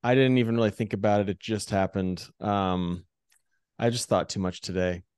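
A man's voice: lowish voice, steady tone, moderate pace, a little mellow, clear, resonant tone, no room sound. Rambling, laughing American man on dry mic. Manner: rambling, self-deprecating, laughs often. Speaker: church podcast co-host. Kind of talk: casual chat.

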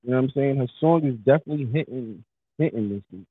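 A new male co-host from New York joins a casual chat with animated banter, hyping things up with shouted mock street talk. He's a fast talker with a husky, medium-pitched voice, heard through tinny, phone-line-quality audio.

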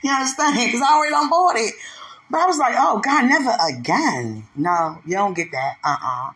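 A speaker with a bright, sharp-edged voice talks in a loose, faith-filled monologue. The delivery is teasing and full of laughter, with quoted voices acted out in a raised pitch and a running "you understand?" aimed at the listener. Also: animated, a little fast, low-quality recording.

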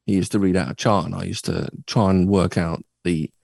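A man's voice: low-pitched, steady tone, brisk, creaky, darkish tone, no room sound. Chatty male radio host, dry studio sound. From United Kingdom. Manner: chatty, jokey, rambling with filler words. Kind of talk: casual banter between co-hosts.

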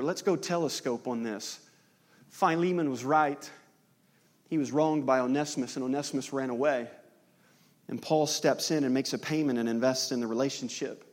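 A male pastor delivering a sermon in a slightly high voice. He tells stories with acted-out dialogue, then drives his points home with loud, impassioned bursts. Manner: impassioned preaching, building to loud climaxes.

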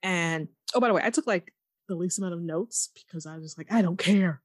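Recorded in clean studio sound with no room tone, a woman with a fairly low voice recaps a TV episode on a casual podcast she co-hosts. She animatedly performs the characters' lines as rapid impressions.

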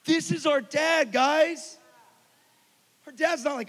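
A man preaching a sermon, telling a story and swinging from hushed asides to loud, urgent passages. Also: very high-pitched, animated, unhurried, pauses often, long reverb tail. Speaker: pastor.

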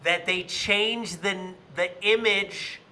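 A man's voice: high voice, steady tone, takes it slowly, sharp tone, slight background noise. A man chatting animatedly as the interviewer on a podcast, often repeating and echoing his phrases. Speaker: guest interviewer. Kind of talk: casual chat.

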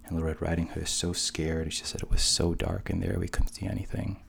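A man casually retelling a fairy tale in a relaxed, conversational way, with asides. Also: sits low, brisk, creaky, noisy background. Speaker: storyteller.

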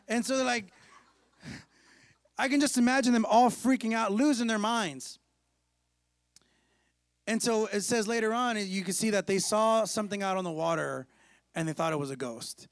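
A man's voice: high voice, normal speed, long pauses, no echo, studio quality. A man preaching a sermon as pastor, retelling a story in a playful, casual way. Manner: playful storytelling, acts out voices. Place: church.

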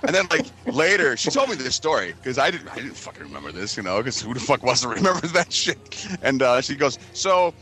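A man with a Midwestern American accent co-hosting a casual podcast, telling a profane childhood story with falsetto impressions. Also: big pitch swings, bright, forceful tone. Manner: profane, quick asides, acts out his mother in falsetto. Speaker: podcast co-host.

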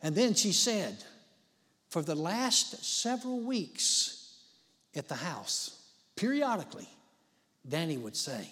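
A preacher with a high, ringing voice tells his story in a folksy, chatty way. He swells into dramatic rises and keeps dropping in "you know". His voice carries a long echo, as if it fills a big hall. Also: very animated, takes it slowly, pauses often, a bit bright. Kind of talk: storytelling sermon.

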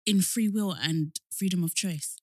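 A woman's voice: on the low side, unhurried, darkish tone, dry recording, clean studio sound. A woman co-hosting a podcast in casual chat, giggly and apologetic. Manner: giggly, apologetic, breaks into laughter. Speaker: podcast co-host.

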